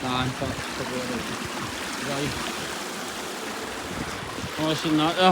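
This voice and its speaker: Scottish guy with a high voice, chatting excitedly to camera on a windswept mountain hike. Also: a little slow, vocal fry, long pauses, background noise. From Scotland. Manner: excitable, sweary, talks to the camera. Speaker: hiking vlogger. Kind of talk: casual vlog narration while hiking. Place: outdoors on a snowy mountain.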